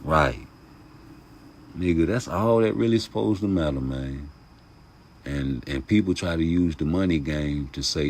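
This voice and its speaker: A man hosting a casual boxing vlog, talking passionately in heavy street slang and profanity, jumping from loud outbursts to mumbled asides. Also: low-pitched, animated, a little slow. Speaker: YouTube boxing commentator.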